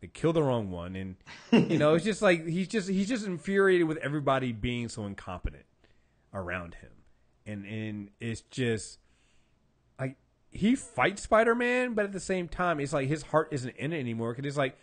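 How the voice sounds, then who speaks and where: A man co-hosting a casual podcast about comic books, retelling stories in an animated way with lots of fillers. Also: mid-range voice, moderate pace. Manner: animated storyteller, acts out quotes, many fillers. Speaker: podcast co-host. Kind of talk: casual comic book chat.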